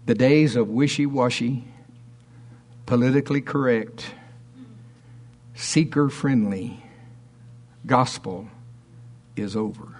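A man preaching a fervent sermon, reading scripture aloud and slowing down to stress key words. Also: medium pitch, darkish tone.

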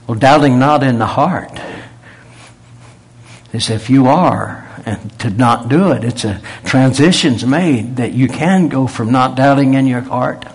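Taking his time, a male preacher with a husky, medium-pitched voice delivers a sermon full of folksy stories. He talks conversationally and becomes emphatic when pushing his points home.

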